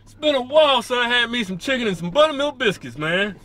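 A young man in his twenties hosting a comedy vlog from a car at a drive-through, loud, profane and teasing. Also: very high-pitched, expressive, fast. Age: 20s. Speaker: YouTube comedy host. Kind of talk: casual car vlog banter.

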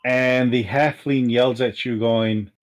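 Slow-talking male game master. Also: mid-range voice, fairly even intonation. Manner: slow, halting, with fillers. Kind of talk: narrating a tabletop game.

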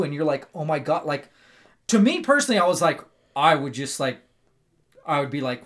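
Fairly high-voiced man, podcast co-host, excitable rambling storyteller, casual chat delivery. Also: a little fast, long pauses. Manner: animated, rambling storyteller with many "like" and "right?".

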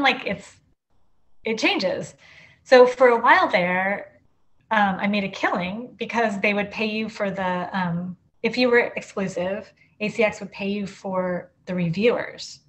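A woman author talking casually as an interview guest, chatty, with many "likes" and restarts. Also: medium pitch. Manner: chatty, full of "like" and restarts, animated.

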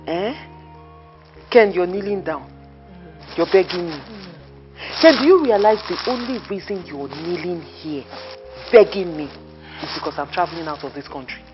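An actress playing a defiant wife with a Nigerian accent who mocks her begging husband. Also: on the low side. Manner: mocking, taunting. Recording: dull film audio with music.

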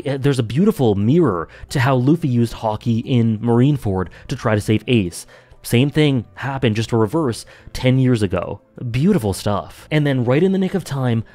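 A man's voice: medium pitch, warm tone, dry recording. A man giving an earnest, emphatic spoken review of an anime story arc, with frequent fillers and restarts.

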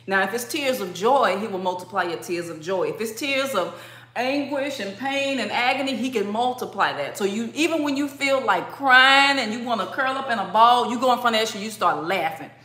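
A woman teaching a spiritual workshop in a lively way, acting out crying and laughing as she explains. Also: a little high, brisk, roomy sound.

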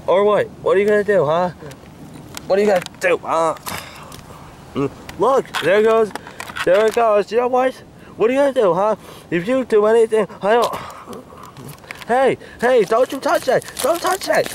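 A man acting out a homemade hand-puppet skit, squabbling and whining with bursts of shouting. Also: sits high, normal speed, a little hiss or hum.

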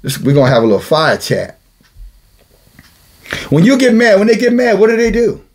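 A man's voice: high voice, wildly swooping pitch, moderate pace. A man preaching a blunt, scolding sermon, calling himself a watchman and repeating phrases for emphasis. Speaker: self-styled watchman preacher. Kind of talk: rebuking sermon monologue.

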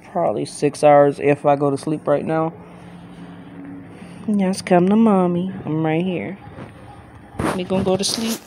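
A woman vlogs from bed late at night. She talks in rambling, self-interrupting chatter, then jumps into a high baby voice for her pet. A faint hiss sits under the recording. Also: dark tone. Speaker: vlogger. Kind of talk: casual late-night vlog.

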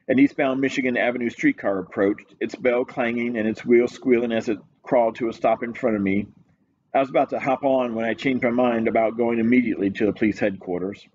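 A man reading a novel aloud in steady, measured first-person narration. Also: mid-range voice, slightly rough, muffled recording. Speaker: reader. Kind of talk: audiobook-style narration.

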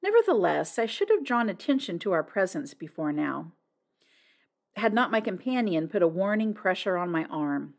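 A woman narrating an audiobook in an expressive, scripted reading. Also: fairly low pitch, moderate pace, vocal fry.

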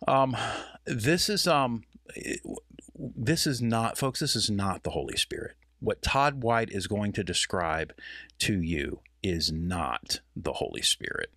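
A man with a lowish but lively voice hosts and chats casually about clips. His tone is bright and crisp. The sound is close and dry. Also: takes it slowly, no echo. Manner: conversational, with fillers and restarts. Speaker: host. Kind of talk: casual video commentary.

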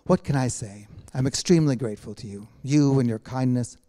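A wry, world-weary man with a poet's ironic streak, read aloud by a man. His replies come with dry understatement. The voice is mellow and dark. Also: medium pitch, fairly quick, close to an everyday voice. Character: wry, weary male poet, gently ironic.

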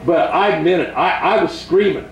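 An older man preaching at a revival, leading a crowd in shouted call-and-response prayer. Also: a little high, normal speed, roomy sound, lo-fi sound, a little hiss or hum.

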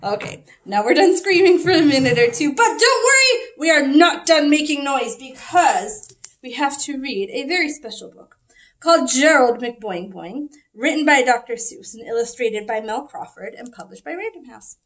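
Woman librarian for kids' storytime, high lively voice, unhurried read-aloud. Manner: animated, asks children questions. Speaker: children's librarian.

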